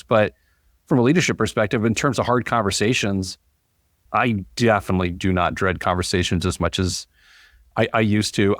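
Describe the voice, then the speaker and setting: An upbeat man talks as a guest on an interview podcast and tells stories with lively energy, his pitch bouncing up as he gets going. The sound is close and dry, with no room around it. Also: no echo. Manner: animated storyteller, upbeat and chatty. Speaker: company founder and CEO, podcast guest. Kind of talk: casual interview conversation.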